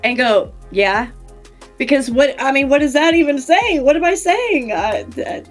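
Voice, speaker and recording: Animated woman streamer, fairly high voice, quick to laugh, faint music underneath. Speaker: streamer guest. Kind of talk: casual interview chat.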